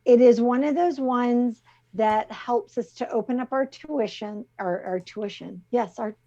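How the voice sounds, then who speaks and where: A middle-aged woman co-hosting a talk show, chatting easily and laughing often as she gently explains things over a video call. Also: fairly high pitch, unhurried. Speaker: co-host presenting the crystal of the week. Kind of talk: casual chat. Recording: slightly muffled call audio.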